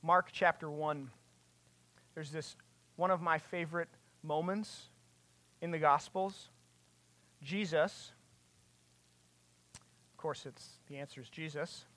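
Bright, impassioned preacher with dry sound. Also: medium pitch, steady tone, slow, pauses often, no room sound. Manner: impassioned, rising to loud emphatic peaks; asks rhetorical questions. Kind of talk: sermon.

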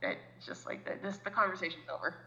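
A woman's voice: fairly low pitch, sing-song, a little fast, bright, forceful tone, muffled recording. A woman co-hosting a podcast in casual chat, rambling with many likes and restarts and swearing bluntly. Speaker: podcast co-host.

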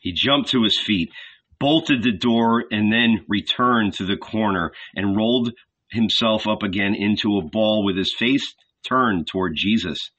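A man reading a novel aloud as narrator, in a measured, dramatic storytelling manner. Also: on the low side, a bit bright, breathy edge. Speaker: audiobook narrator. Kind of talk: scripted narration.

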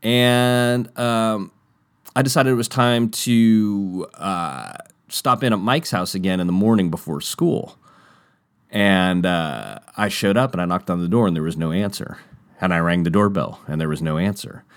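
A man's voice: a little slow, smooth, no echo, studio quality. A man telling a personal story in a casual, rambling way, acting out the other people's lines in raised voices. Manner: animated, jumps to high voices when quoting others; rambling with frequent restarts and fillers.

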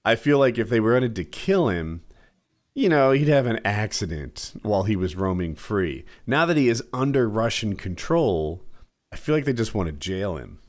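Lively, hesitant man chatting. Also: on the low side, normal speed. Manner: hesitant, laughs often, animated retelling. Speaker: podcast co-host. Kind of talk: casual chat.

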